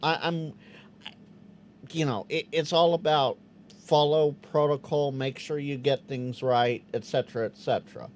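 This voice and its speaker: A man hosting a casual live Q&A stream, reading out chat questions and answering them with quick restarts. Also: on the high side, a little hiss or hum. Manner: animated, stammering restarts, acts out quoted voices.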